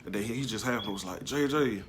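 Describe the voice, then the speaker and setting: A man casually recounting a personal story, halting and slangy, with plenty of emotion. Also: lowish voice, noisy background. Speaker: vlogger telling a personal story.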